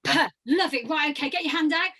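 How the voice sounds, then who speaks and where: High-voiced woman leading voice exercises. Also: fast, pushed and bright. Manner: encouraging, instructive, demonstrates sounds. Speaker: voice workshop leader.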